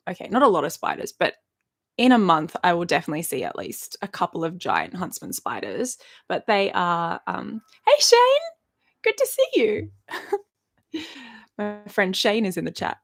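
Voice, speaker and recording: An Australian YouTuber in her 30s hosts a live stream from her bedroom, chatting casually, answering viewer questions, rambling, and laughing often. Her mid-range voice has lively intonation and a fairly quick pace.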